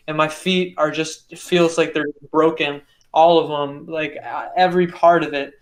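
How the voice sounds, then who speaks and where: Man telling an intense story, slightly high. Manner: intense, repetitive retelling with vivid detail. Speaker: podcast guest. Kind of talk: casual storytelling interview.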